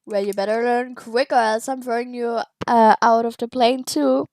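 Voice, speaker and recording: A woman's voice: on the high side, fairly even intonation, moderate pace, a little mellow, close to an everyday voice. A woman reading a bossy, hot-tempered game president. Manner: reads game dialogue aloud. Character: bossy male game president, easily angered.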